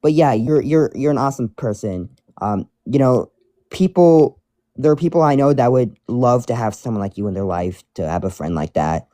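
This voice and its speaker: A man's voice: mid-range voice, expressive, normal speed, mellow, no room sound. A man chatting casually while reading fan mail aloud, rambling and restarting his sentences. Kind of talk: casual chat.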